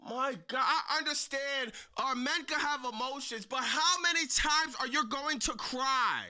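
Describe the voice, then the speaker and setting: Loud, piercing mocking streamer man. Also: very high-pitched, measured pace. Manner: loud, mocking, bursts into shouts; repeats phrases for comic effect. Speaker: streamer reacting to wrestling. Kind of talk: live-stream reaction commentary.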